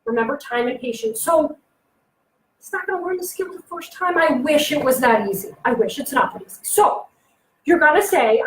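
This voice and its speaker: A woman giving a lively parenting workshop to a live audience, acting out children and adults in quick little voices. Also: high voice. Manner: animated, acts out kids and adults in quick voices. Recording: echoey room, voice from a distance.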